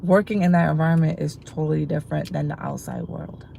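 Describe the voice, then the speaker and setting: Female livestream host, low gravelly voice, loose rambling delivery. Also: fairly even intonation, fast, mellow, slight background noise, poor audio. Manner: rambling, filler-heavy talk with many restarts. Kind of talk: casual livestream chat to viewers.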